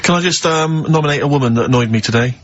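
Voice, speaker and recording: A man's voice: on the high side, very fast, fairly bright tone. A man co-hosting a radio show, reading out emails and complaining in a dry, matter-of-fact way. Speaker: radio co-host. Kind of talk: casual radio banter. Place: radio studio. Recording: lo-fi radio recording.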